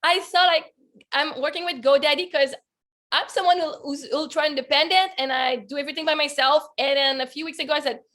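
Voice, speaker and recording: A woman life coach from Quebec, chatting on a video call interview, bubbly and laughing often, her voice a little husky today. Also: high voice, fairly even intonation, a little fast, a bit bright. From Quebec, Canada. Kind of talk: casual interview chat.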